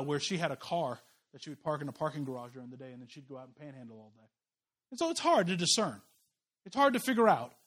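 A man preaching a conversational sermon as a pastor, impassioned and emphatic, often restarting his sentences. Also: high voice.

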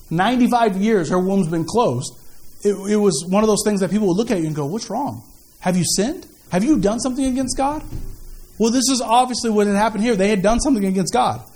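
A man preaching a sermon as pastor, in an animated, jokey, conversational way. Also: sits high. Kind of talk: sermon with storytelling.

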